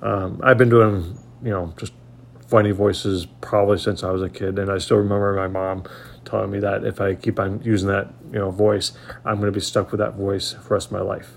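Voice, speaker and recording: A man's voice: lowish voice, level tone, brisk, vocal fry, slight background noise. A man in his forties chatting casually to promote himself as a voice actor, rambling with lots of filler words. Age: 40s. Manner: rambling, heavy on fillers like "you know". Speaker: aspiring voice actor. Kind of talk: casual self-promo chat.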